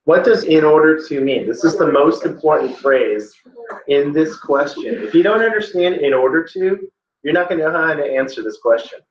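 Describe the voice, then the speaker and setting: A man's voice: a little high, animated, normal speed. A male teacher leading a classroom test-prep lesson, questioning students and prompting them by name. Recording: echoey, dull classroom recording with faint noise.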